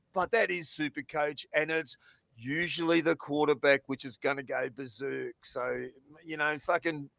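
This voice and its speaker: Bright, sweary Aussie man. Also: a little high, creaky, no room sound. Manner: sweary, animated banter. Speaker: co-host. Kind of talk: casual podcast chat.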